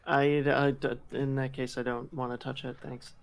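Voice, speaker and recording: A man's voice: medium pitch, little pitch movement, moderate pace, creaky, a little hiss or hum. A man playing a tabletop game with dry, wry remarks. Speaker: player. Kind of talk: casual tabletop play.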